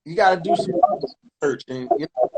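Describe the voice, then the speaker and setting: A man in his forties hosting a casual interview over a video call, speaking haltingly with many restarts and fillers. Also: fairly high pitch, crowd noise, low-quality recording. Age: 40s. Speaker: interview host.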